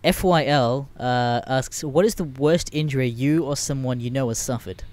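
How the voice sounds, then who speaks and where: A man's voice: mid-range voice, moderate pace, a little mellow. A young man hosting a casual podcast chat, rambling through stories with lots of fillers and swearing. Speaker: podcast host.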